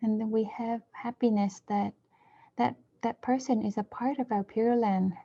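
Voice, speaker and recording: A woman interpreting a dharma talk, speaking in measured short phrases and now and then correcting herself mid-word. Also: a little high, steady tone, gravelly. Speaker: interpreter for a Buddhist teacher. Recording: dull lo-fi recording.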